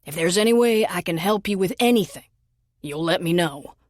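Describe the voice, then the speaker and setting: A woman narrator voicing a tender, devoted male firefighter in an audiobook, speaking low, gentle and earnest. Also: animated, normal speed, no echo, clean studio sound, natural voice.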